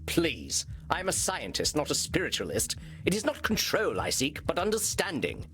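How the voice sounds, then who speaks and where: An actor playing a pompous, melodramatic vampire doctor centuries old in a video game, with a theatrical, haughty delivery. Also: male voice, on the high side, wildly swooping pitch, normal speed, a bit bright, faint music behind, full character voice.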